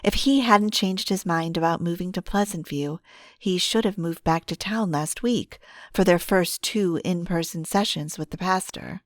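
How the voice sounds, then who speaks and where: A woman narrating an audiobook in a calm, steady storytelling manner on a close mic. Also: on the low side, moderate pace, no echo.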